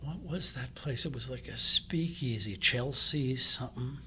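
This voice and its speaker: A man's voice: medium pitch, a little slow, a little hiss or hum. Eager man in his sixties prompting. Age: 60s. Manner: warm interjections, eager prompting. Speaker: podcast host and old classmate. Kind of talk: casual interview.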